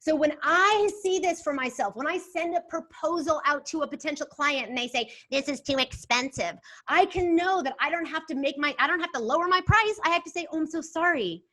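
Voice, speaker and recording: A woman's voice: high voice, fairly quick, few pauses. A woman leading a live online workshop, speaking energetically and expressively while reading out the chat. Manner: animated, expressive, reads chat aloud.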